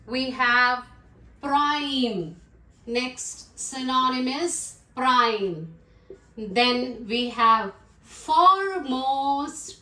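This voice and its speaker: A woman teaching English vocabulary, listing words one by one in a slow, deliberate way. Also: sits high, sharp tone. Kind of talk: vocabulary lesson. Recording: echoey room.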